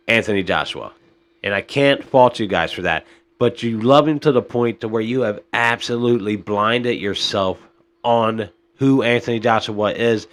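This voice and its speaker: A man hosting a podcast, giving casual boxing commentary in a rambling, frustrated way, often tossing in "man" and "uh.". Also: mid-range voice. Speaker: podcast host.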